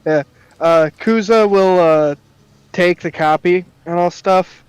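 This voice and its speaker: A man playing a tabletop game, describing his character's moves in a hesitant, halting way with many fillers. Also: high-pitched, clear, resonant tone, dry recording. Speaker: player.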